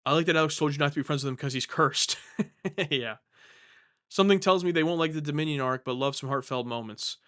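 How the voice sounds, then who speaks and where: A man's voice: fairly high pitch, fairly quick, fairly bright tone. Chatty man hosting a live Q&A. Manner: rambling, self-correcting, jokey. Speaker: livestream host answering viewer questions. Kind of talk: casual live Q&A chat.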